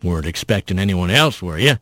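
Old male armadillo, folksy and easygoing, deep drawl ; man voicing it in an audiobook. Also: animated, a little fast, fairly bright tone, no echo, clean studio sound. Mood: wry.

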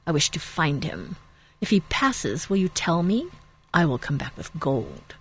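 A woman reading aloud as a sinister hooded male rider who speaks slowly and stiffly in a whisper. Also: low-pitched, big pitch swings, husky, heavily acted. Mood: menacing.

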